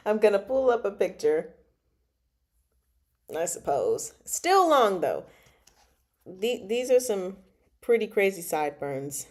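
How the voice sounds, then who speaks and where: A woman's voice: medium pitch, very animated, takes it slowly, pauses often, a little mellow. A young adult woman hosting a casual book chat, playful and laughing often as she reacts to a novel. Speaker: book club host reading and reacting.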